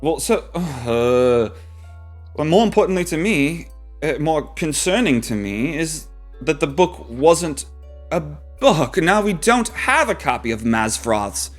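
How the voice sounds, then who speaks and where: Give me a man voicing a nervous, fumbling female librarian who speaks slowly. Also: fairly high pitch, sing-song, faint music behind, exaggerated voice. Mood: worried. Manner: flustered, apologetic. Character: flustered female librarian who works here.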